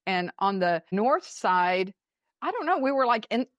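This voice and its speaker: A woman who writes about travel, a guest on a radio show, telling bike-trip stories in a lively, casual way, laughing and speeding up as she goes. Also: medium pitch, unhurried, dry recording, dull audio. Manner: animated storyteller, laughs and speeds up. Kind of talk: casual interview storytelling.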